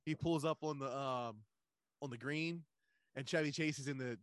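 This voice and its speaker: A man chatting casually and excitedly retelling movie scenes, swearing a lot. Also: a little high, normal speed, no room sound. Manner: animated storyteller, swears a lot, acts out movie quotes. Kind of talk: casual chat.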